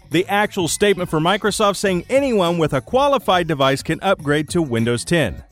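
Playful, animated male tech-news host. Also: medium pitch. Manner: jokey, teasing, swings between mock voices and plain reading.

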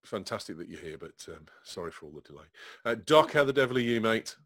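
A man's voice: lowish voice, very animated, fast talker, a bit bright, dry recording, clean studio sound. A man hosting a casual tech chat over a video call, swearing freely and rambling with fillers. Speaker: podcast host.

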